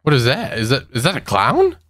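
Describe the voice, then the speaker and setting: A man's voice: mid-range voice, wildly swooping pitch, brisk, a bit bright, dry recording. A young man giving casual let's-play commentary, nervous and giggly, talking to the monsters he meets. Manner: nervous, giggly, talks to mobs. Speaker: gaming youtuber.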